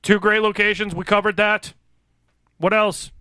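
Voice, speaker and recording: A man's voice: sits high, little pitch movement, moderate pace, bright, forceful tone, clean tone, no echo. A man hosting a crude, casual podcast, joking and reading ad copy. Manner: profane, joking, reads ad copy. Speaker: podcast host. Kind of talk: crude casual chat with friends.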